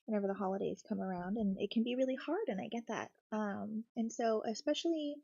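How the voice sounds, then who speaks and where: A woman chatting in a gentle, reassuring way while she builds a craft kit, talking close to her desk mic. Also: medium pitch, brisk, gravelly, slightly rough, no room sound, muffled recording. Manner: soft-spoken, reassuring, gentle. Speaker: craft streamer. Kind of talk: cozy casual chat while building.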